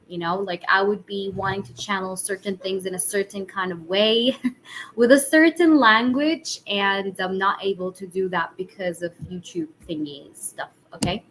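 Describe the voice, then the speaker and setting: A woman with a husky voice giving casual tarot readings on a live stream, chatting with viewers and using many fillers. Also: medium pitch, a bit bright, low-quality recording. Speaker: tarot reader.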